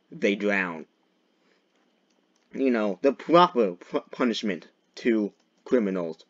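Young male gaming creator, jokey commentary with mock-dramatic outbursts, slow delivery, dull lo-fi sound. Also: fairly low pitch, expressive. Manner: jokey, swings into loud mock-dramatic shouts. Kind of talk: gameplay commentary.

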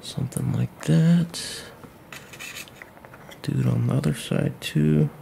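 A man walking through a model glider build at home at night, thinking aloud in a relaxed, self-deprecating way. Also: on the high side, slow, gravelly, a little hiss or hum. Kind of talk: hands-on build tutorial.

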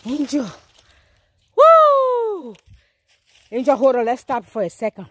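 Woman in her 50s, breathless on an outdoor hike, chatty phone-vlog delivery, pitched a touch high. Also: fast, mellow, husky. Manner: chatty, talking to the camera and her dog. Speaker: vlogger. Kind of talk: casual walking vlog. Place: outdoors on a mountain trail.

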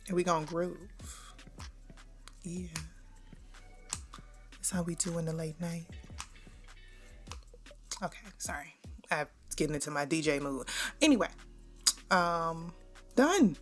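A woman's voice: fairly low pitch, slow pace, pauses often, faint music behind. A young adult woman hosting a gaming channel, chatting straight to her viewers as she plays. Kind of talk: casual gameplay commentary.

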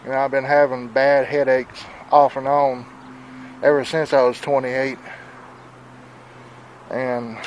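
Out of breath and congested, a Southern American vlogger in his 40s rambles anxiously in plain words while filming outdoors in the wind on a handheld camera. His medium-pitched voice stays level and slow with long pauses, and the rough recording carries a little hiss or hum.

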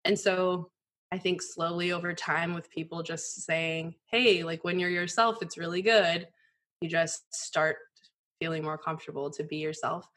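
A woman in her thirties, a poker journalist as guest, telling candid stories in a casual, animated way with many "like" fillers. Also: fairly low pitch, moderate pace. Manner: animated, frequent "like" fillers, mimics voices in quotes. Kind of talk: candid conversational storytelling.

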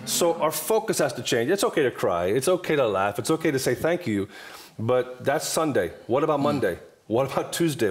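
A man in his fifties, a guest minister, talking in an emphatic, repetitive preaching cadence during a table talk. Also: medium pitch. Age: 50s.

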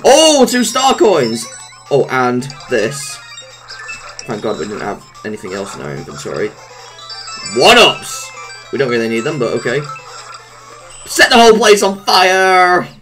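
A woman giving gameplay commentary, exclaiming and reacting loudly to what happens in the game. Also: rumbling low, sing-song, measured pace, long pauses, faint music behind. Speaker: let's play gamer.

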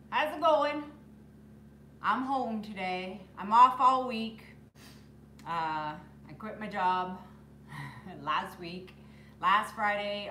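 Bright-voiced woman chatting away on a home live stream, slow easygoing pace, roomy echo. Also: mid-range voice, a little hiss or hum. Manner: chatty, greets viewers by name, coos at her puppy. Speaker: acrylic pour artist hosting a live stream. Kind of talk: casual live-stream chat. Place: home room with the door closed.

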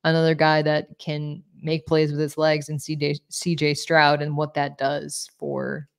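A woman's voice: low-pitched, completely flat delivery, a little slow, gravelly. A woman co-hosting a sports talk show, chatting casually and a bit self-deprecating while reading viewer questions.

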